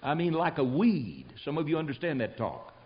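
A man's voice: fairly high pitch, very animated, normal speed, highs cut off. An older man from Tennessee with a Southern accent, preaching a sermon in a folksy storytelling manner that rises to emphatic exhortation.

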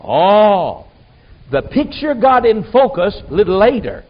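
A man delivers a sermon in a folksy, emphatic manner and acts out the people he quotes. His voice sits high and swoops up and down with lively range. The recording is dull and lo-fi. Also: measured pace. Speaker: preacher. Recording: dull lo-fi sound.

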